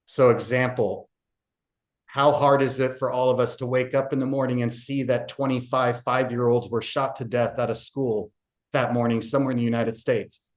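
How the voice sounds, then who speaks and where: A man's voice: medium pitch, fairly even intonation, normal speed. Earnest man telling his story. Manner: earnest, frequent fillers and restarts. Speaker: podcast guest, real estate agent. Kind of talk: personal storytelling in an interview.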